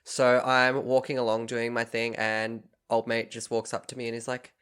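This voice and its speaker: Very low-voiced woman. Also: monotone, moderate pace, few pauses, clear, resonant tone. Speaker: podcast co-host. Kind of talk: casual chat.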